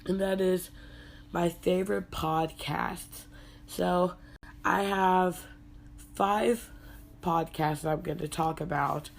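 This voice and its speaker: A young woman hosts her podcast while sick, her congested voice hoarse and low. She talks slowly and without much energy, with a gravelly fry running through her words. A faint hum of noise sits behind her. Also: steady tone. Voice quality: hoarse, husky from illness. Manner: low-energy, laid-back. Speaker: podcast host. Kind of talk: casual solo podcast chat.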